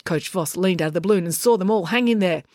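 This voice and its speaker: A woman, narrating a children's audiobook in an expressive storytelling manner. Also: on the low side, fast talker, dry recording, clean studio sound. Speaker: author and narrator.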